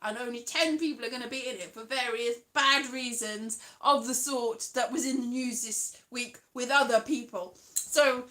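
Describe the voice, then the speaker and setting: A woman's voice: a little high, fairly even intonation, normal speed, few pauses, bright, forceful tone. A British woman hosting a casual live stream, chatting playfully and drifting into sing-song. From United Kingdom.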